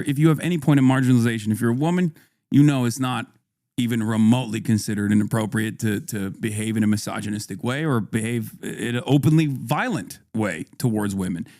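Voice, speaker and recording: A man's voice: medium pitch, a little mellow, no room sound, studio quality. A man streaming live and talking casually to his chat, profane and conversational, reading viewer comments aloud and arguing back. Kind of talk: casual livestream talk to chat.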